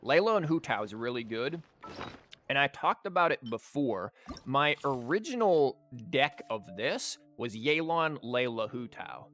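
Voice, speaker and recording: A man's voice: medium pitch, sing-song, unhurried, a bit bright, a little hiss or hum. A man with a sore throat, chatting casually as he comments on a card game, rambling with fillers. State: sore throat, losing his voice. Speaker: streamer and teacher. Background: game music.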